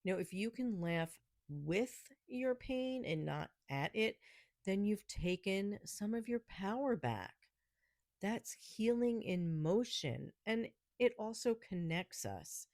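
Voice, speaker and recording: A woman with a New York accent hosts a casual podcast on her own, animated yet slow-paced, her medium-pitched voice a little mellow. Snarky sarcasm fills her talk, and she laughs often between remarks. The clean studio sound has no room noise.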